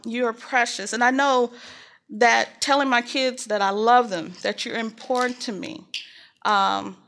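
A middle-aged woman guides a Bible study in an easygoing, chatty way. Her voice is bright and forward, and she leans on fillers as she moves between teaching and personal stories. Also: on the high side. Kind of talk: casual teaching talk.

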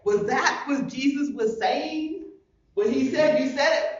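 A woman's voice: sits high, lively intonation, slow, dull audio, some chatter behind. A woman pastor preaching a sermon, emphatic and full of rhetorical questions, recorded from a distance in a large church hall.

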